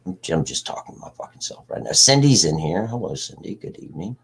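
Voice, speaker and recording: Male stream host, low husky voice, lively swings in pitch, profane rambling chat. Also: fast talker. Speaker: livestream host. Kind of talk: casual livestream chat.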